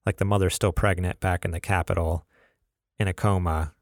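A man co-hosts a relaxed gaming podcast, rambling easily and padding his talk with fillers. His voice sits low, with a gravelly edge. The sound is close and dry. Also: a little fast, dry recording. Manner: laid-back, rambling with many fillers. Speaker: podcast co-host. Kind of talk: casual gaming podcast chat.

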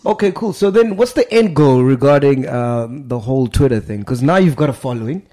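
A man's voice: mid-range voice, animated, mellow. A man co-hosting a podcast, firing off casual questions at his guest. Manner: quick questioning, laughing. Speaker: podcast co-host.

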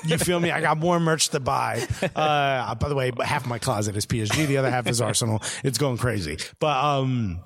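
A man from Brooklyn, co-hosting a casual soccer chat show, telling stories in an animated, slangy way and laughing often. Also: medium pitch, moderate pace, hardly any pauses. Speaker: show co-host.

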